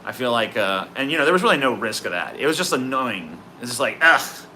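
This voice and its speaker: A man's voice: medium pitch, very animated, quick pace, sharp tone, slight background noise. A man streaming live, chatting in a profane, sarcastic, rambling way as he answers his chat. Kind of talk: casual livestream chat.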